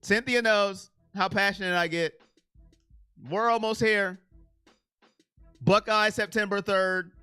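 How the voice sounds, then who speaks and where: A man hosting a casual live stream on sports, answering his viewers' chat by name in an animated, self-confessed emotional way. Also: high-pitched, slow pace, long pauses, clear, resonant tone, no room sound, faint music behind.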